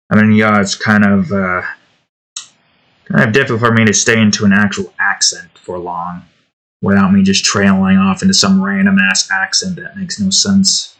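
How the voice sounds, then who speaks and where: A young man with a bright, forceful tone rambles casually as he draws. He talks in an offhand, self-deprecating way and drifts between topics. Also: sits low, normal speed. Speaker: artist and channel host. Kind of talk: casual chat while drawing.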